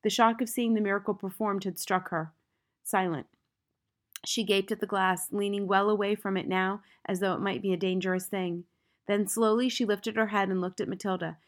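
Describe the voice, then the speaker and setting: A woman narrating a children's story aloud, expressive and building intensity at dramatic moments. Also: mid-range voice, normal speed. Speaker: audiobook narrator.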